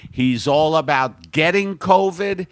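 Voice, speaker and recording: A man's voice: a little high, slow pace, no echo, studio quality. A man with a Brooklyn accent hosting a comedy podcast from his home, ranting in an exaggerated, mock-grandiose way. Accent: Brooklyn, New York. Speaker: podcast host.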